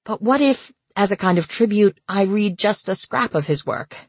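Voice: mid-range voice, lively intonation, breathy edge, no room sound, pitched above the performer's own voice. A narrator voicing a nervous young male academic with a vaguely British accent. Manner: nervous, halting delivery.

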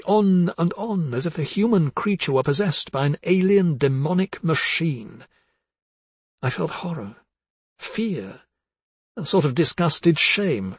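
A man's voice: on the high side, husky, dry recording. A man narrating a literary novel as an audiobook, with intense, dramatic delivery.

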